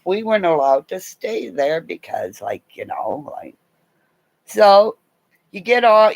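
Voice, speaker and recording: A middle-aged woman rambling through a personal story, her pitch swinging up and down a lot. She talks slowly, laughs often and swears casually. The sound is dry and close, with no room echo. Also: darkish tone, lo-fi sound.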